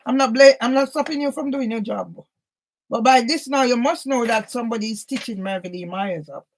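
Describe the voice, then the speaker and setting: A woman with a high voice rants to camera in an upset, agitated monologue. She swears constantly and keeps throwing out a challenging "yeah?". Her voice sounds emotional and near tears. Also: brisk, a little hiss or hum, low-quality recording. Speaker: vlogger. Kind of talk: angry personal monologue to camera.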